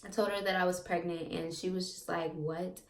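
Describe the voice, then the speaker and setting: A woman's voice: fairly low pitch, level tone, brisk, recorded from a distance. A young woman vlogger casually telling a personal story to her viewers, chatty and rambling with lots of fillers and repeats. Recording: echoey room, off-mic.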